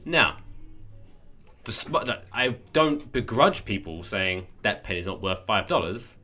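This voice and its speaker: A man co-hosting a podcast, talking in a rambling, animated, storytelling way. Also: on the low side, unhurried, faint music behind. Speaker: podcast co-host. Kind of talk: casual chat.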